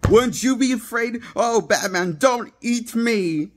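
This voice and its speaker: Squeaky overweight hero parody, put on by a man, whiny and pleading. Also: takes it slowly. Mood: mocking. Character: whiny overweight male hero mocking himself.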